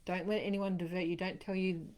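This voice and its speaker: A woman hosting a live-streamed tarot card reading, chatting warmly to viewers by name and passing on reassuring messages. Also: lowish voice, flat delivery, brisk. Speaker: tarot reader.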